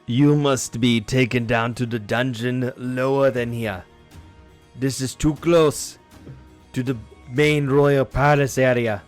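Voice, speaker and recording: A man's voice: mid-range voice, steady tone, slow pace, faint music behind, natural voice. A man voicing a stern, formal male Warforged guard, a living construct, in a tabletop game. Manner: formal, curt questioning.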